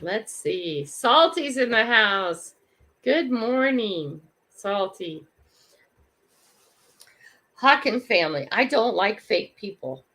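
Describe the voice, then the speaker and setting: A woman's voice: mid-range voice, animated, slow pace, pauses often, bright, forceful tone. An older woman hosting a morning livestream, greeting viewers by name and musing aloud in a casual, reflective way. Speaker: livestream host. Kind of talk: casual live chat.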